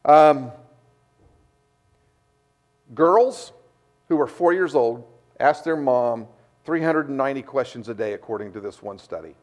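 A middle-aged man preaching a sermon, repeating words as he restarts, telling stories in a lively way. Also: mid-range voice, unhurried, long pauses. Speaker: pastor.

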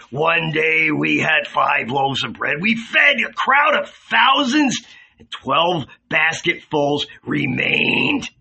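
A man voicing an anguished, furious adult male disciple who shouts and wails his accusations in a storybook reading. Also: on the high side, creaky, slightly rough, heavily acted.

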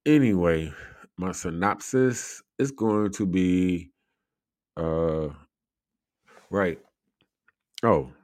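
A man with a very deep voice hosts a laid-back live show, drifting from point to point at an unhurried pace. He laughs often and fills his talk with little asides. The sound is close and dry. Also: darkish tone, dry recording. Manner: rambling, laughs often, many fillers. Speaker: show host. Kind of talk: casual live-show chat.

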